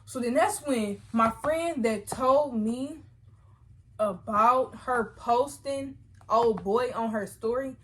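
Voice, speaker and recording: A young woman vlogger telling a storytime with lively, slangy chatter and quick self-corrections. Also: a little high, a little hiss or hum. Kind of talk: casual storytime chat.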